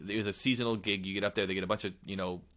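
A man's voice: on the low side, steady tone, very fast, a bit bright. A man co-hosting a podcast, retelling a story at length in a loose, rambling, profane way. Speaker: podcast co-host. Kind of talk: casual storytelling chat.

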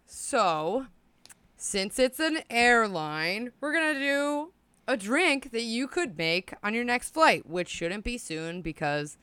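A woman's voice: a little high, lively intonation, slow pace, sharp tone, clear, resonant tone, dry recording. A woman co-hosting a casual podcast, giggly and rambling, swearing now and then. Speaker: podcast co-host. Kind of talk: casual chat.

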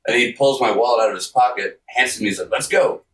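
A man's voice: mid-range voice, steady tone, rapid-fire, a bit bright, roomy sound, recorded from a distance, poor audio. A man on a podcast telling a rambling, profane story, laughing often and acting out the quotes. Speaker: podcast guest. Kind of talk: casual storytelling.

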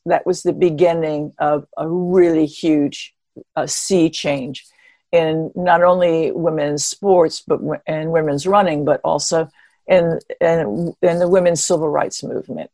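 Older woman guest with a lowish voice, recorded dry and close, telling stories with wry humor. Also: a little slow, creaky, no room sound. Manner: animated, expressive storyteller with a wry humor. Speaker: interview guest, pioneering marathon runner. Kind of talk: conversational storytelling.

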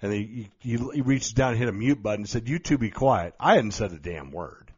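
A man's voice: lowish voice, animated, a little fast, slightly rough. A man telling a story as a motivational speaker, blunt and emphatic, with some mild cursing. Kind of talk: storytelling monologue. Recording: slightly dull lo-fi recording.

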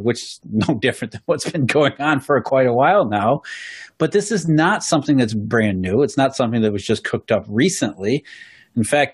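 Husky guy on a podcast explaining economics, keeps restarting and repeating himself. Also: medium pitch. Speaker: guest economist. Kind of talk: podcast conversation.

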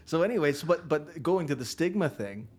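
A man's voice: fairly high pitch, big pitch swings, slow, a little hiss or hum. A man, a contractor on a podcast, telling a wild story in a casual way, swearing freely and laughing as he goes.

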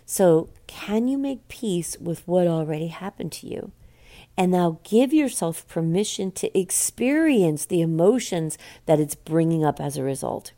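A woman hosting a podcast, talking calmly in a coaching, reflective monologue. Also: fairly low pitch, a little slow. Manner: calm, coaching, speaks in quoted self-talk. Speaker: podcast host.

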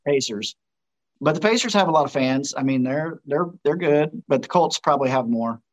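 A man from Indiana, a guest giving short, low-key answers in a casual interview. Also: a little fast, rough recording.

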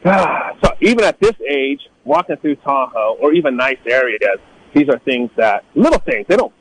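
A middle-aged man from Northern California in a casual storytelling talk, animated, acting out the people he quotes in a higher voice. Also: normal speed, slightly rough, low-quality recording. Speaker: guest telling life stories.

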